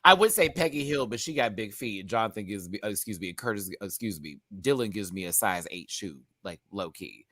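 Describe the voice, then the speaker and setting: A host doing a live review, chatting loudly with friends, laughing and slipping into impressions. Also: deep voice, fairly quick, few pauses, dry recording, clean studio sound. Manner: animated, laughing, impressions of reality-show voices. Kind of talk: loud casual chat with friends.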